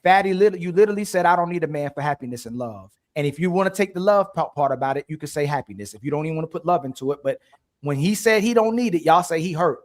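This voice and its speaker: A man's voice: on the high side, quick pace. A man hosting a heated panel debate, argumentative and pushing to finish his point.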